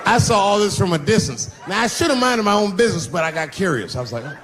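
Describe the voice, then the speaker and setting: Brief: a male stand-up comedian with a fairly high voice, animated and crude delivery. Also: fast talker, a crowd in the background, background noise. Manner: animated, profane storytelling.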